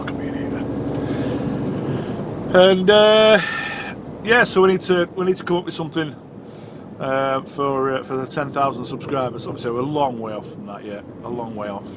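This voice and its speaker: A man's voice: mid-range voice, normal speed, long pauses. A middle-aged man from England, chatting casually and self-mockingly while driving his truck. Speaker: trucker vlogger. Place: truck cab on the road. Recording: noisy truck cab.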